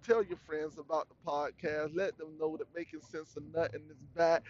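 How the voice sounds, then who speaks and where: A man hosting his own podcast in a loose, rambling rant full of slang. His voice sits high for a man. The recording is dull and lo-fi. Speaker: podcast host.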